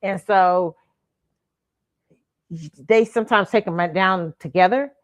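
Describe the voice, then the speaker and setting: A woman's voice: medium pitch, dry recording. A woman hosting a casual commentary show. She talks chattily, often checks in with "okay?" and laughs easily. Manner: chatty, tag questions of "okay?", quick laughs. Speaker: host.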